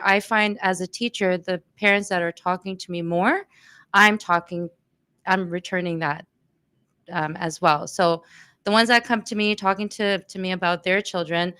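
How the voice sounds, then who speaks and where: A woman's voice: lowish voice, steady tone, normal speed, sharp tone, clean tone. A woman who works as a teacher, earnestly giving advice to parents as a podcast guest, with many fillers. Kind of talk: advice in casual conversation.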